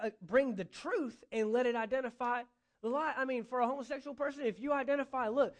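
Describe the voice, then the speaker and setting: A man preaching a sermon as a pastor, earnest, with rising emphasis, quoting imagined dialogue. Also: very high voice.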